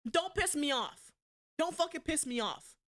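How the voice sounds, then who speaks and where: A young woman streaming live, chatting casually and bluntly, swearing a lot and swinging between loud outbursts and quieter asides. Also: high voice, expressive, unhurried, slight background noise. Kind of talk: casual livestream chat.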